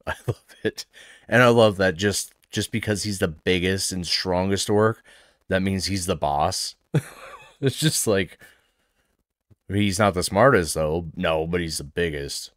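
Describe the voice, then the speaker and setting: A man's voice: low voice, unhurried, no room sound, studio quality. A man hosting a reaction video, chatting casually and enthusiastically, laughing often as he rambles.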